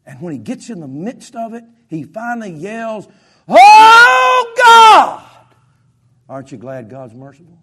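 A man preaching a sermon as pastor, with impassioned delivery that swings between loud and soft. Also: fairly high pitch, big pitch swings, a little fast, hardly any pauses, heavy background noise.

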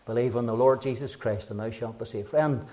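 A middle-aged man with a Northern Irish accent preaching a gospel sermon, fervent and urgent, rising loud then dropping low. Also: brisk, a little hiss or hum. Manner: fervent, urgent preaching with rises and quiet drops.

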